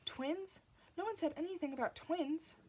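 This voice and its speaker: A woman's voice: fairly high pitch, a little slow, warm tone. A woman reading aloud, voicing a mild, puzzled middle-aged man who talks hesitantly. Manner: doubtful, hesitant.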